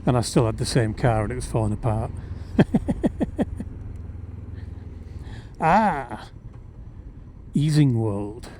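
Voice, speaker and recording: A man's voice: on the low side, brisk, few pauses, dark tone. A man, chatting wryly as he rides a motorbike and recording through a helmet mic. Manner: chatty, wry, rambling asides. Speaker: motorcycle vlogger. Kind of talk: casual ride commentary. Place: riding a motorcycle outdoors on roads. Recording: clear road and engine noise behind.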